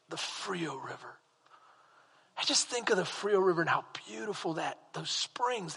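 Male pastor, high ringing voice, sermon in a reverberant church hall. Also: gravelly, breathy edge. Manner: animated preaching with rhetorical questions to the congregation.

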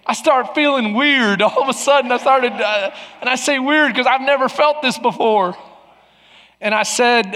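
A man's voice: very high voice, measured pace, pushed and bright. A middle-aged male pastor preaching a sermon, telling a personal story with emotional restarts and laughter. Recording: long hall reverb.

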